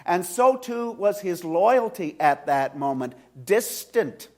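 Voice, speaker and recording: Slow dramatic pastor, man. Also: high voice, animated. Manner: slow, with dramatic swings from loud to hushed. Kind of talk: dramatic sermon retelling. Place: church sanctuary.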